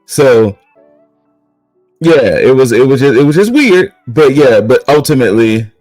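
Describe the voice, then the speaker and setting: A man's voice: mid-range voice, animated, unhurried, a little mellow, dry recording, faint music behind, poor audio. A man co-hosting a podcast, recapping in casual chat and rambling with repeated restarts. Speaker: podcast co-host recapping wrestling.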